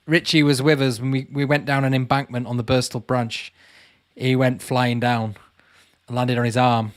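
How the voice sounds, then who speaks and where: The channel host, a man with a mid-range voice, talks flatly at a moderate pace while answering his livestream's chat. He reads viewers' comments out loud and chats back casually, calling them "mate," on a dry, clean studio recording.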